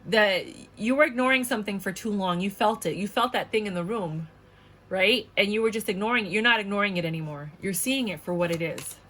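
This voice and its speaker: Woman doing a tarot reading, blunt, swears a lot, fired up and repeating herself, mid-pitched voice. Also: a little fast, a bit bright, slight background noise. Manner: blunt and outspoken, swears often; emphatic and indignant, repeats points. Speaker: tarot reader. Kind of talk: casual tarot reading for viewers.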